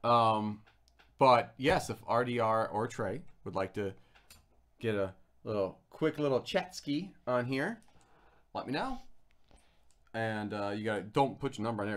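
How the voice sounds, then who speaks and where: Animated, laughing man hosting a livestream. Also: lowish voice, unhurried, pauses often. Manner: animated storyteller who laughs often; acts out quoted voices while telling stories. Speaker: livestream host. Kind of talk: casual livestream chat.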